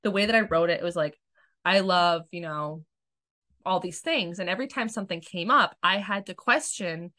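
A woman self-love coach tells candid personal stories in a casual, frank way, swearing freely and acting out what she once said to herself. Her voice is on the low side, pushed and bright, at a normal speed.

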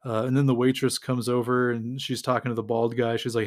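An American man hosting a podcast, casually recapping a comic storyline with lots of fillers and quick little acted-out quotes. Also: mid-range voice, level tone. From United States. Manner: rambling, lots of fillers, acts out quotes lightly. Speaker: podcast host.

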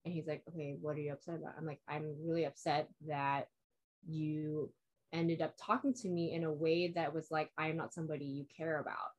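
A woman's voice: sits low, level tone, moderate pace. A young woman in casual chat, telling a long personal story in a rambling way, filling it with "like" and quoting herself and others.

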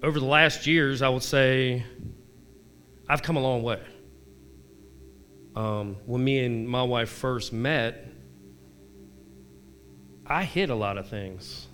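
A man's voice: medium pitch, takes it slowly, pauses often, a bit bright, soft background music. A married man giving a casual devotional talk. He reads scripture aloud and makes candid, self-deprecating asides and direct questions to his listeners. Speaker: devotional vlogger.

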